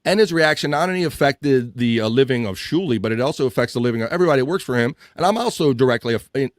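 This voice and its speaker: A man's voice: medium pitch, animated, racing, dry recording, clean studio sound. A man with an American accent hosting a casual livestream, reading viewer comments and ranting with profanity and jokes. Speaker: livestream podcast host.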